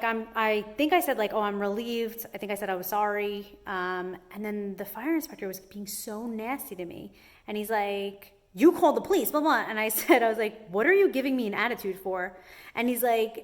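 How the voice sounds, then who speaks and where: Young woman vlogger, conversational storytelling, lots of "like", lively. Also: mid-range voice. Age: young adult. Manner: chatty, says "like" constantly, animated retelling. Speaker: hair salon owner. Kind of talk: casual storytime to camera.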